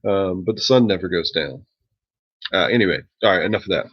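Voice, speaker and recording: A low-pitched man lecturing his history class, loose and joking, filling his pauses with ums and uhs. The recording is dull and lo-fi. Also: husky. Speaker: history teacher.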